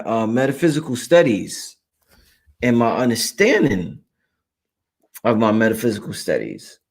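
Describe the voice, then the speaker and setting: A man hosting a livestream, talking casually, profane and emphatic, repeating lines for effect. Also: medium pitch. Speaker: livestream host.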